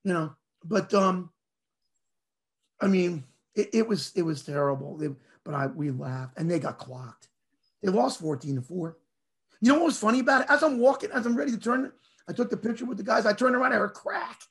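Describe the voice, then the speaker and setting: A man hosting a casual sports chat, telling rambling, animated stories. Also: sits high, moderate pace. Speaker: show host.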